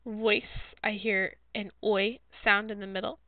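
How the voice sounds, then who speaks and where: A woman teacher slowly and clearly walking children through a phonics word sort, explaining each word. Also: mid-range voice, flat delivery. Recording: dry, phone-like narrow sound.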